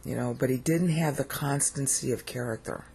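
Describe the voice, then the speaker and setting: A teacher with an American accent giving a digressive, chatty screen-share lecture on scripture, often pausing to check in with "okay?". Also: medium pitch, creaky, a little mellow. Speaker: Bible teacher.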